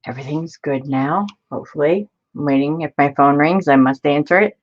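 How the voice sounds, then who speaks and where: A woman's voice: sits low, brisk, lo-fi sound. A woman hosting a casual live stream, chatty and laughing often as she greets viewers by name. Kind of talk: casual live-stream chat while crafting.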